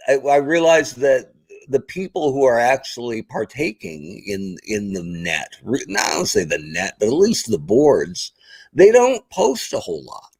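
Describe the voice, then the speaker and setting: Husky, animated middle-aged man. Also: medium pitch, dry recording, low-quality recording. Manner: animated storyteller, acts out quoted exchanges. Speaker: guest. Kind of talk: casual podcast chat.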